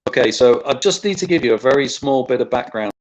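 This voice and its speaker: A man's voice: mid-range voice, lively intonation, poor audio. Uk guy on a chat show, middle voice, keeps restarting sentences as he explains. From United Kingdom. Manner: explains at length, halting restarts. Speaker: guest co-host. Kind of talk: casual chat.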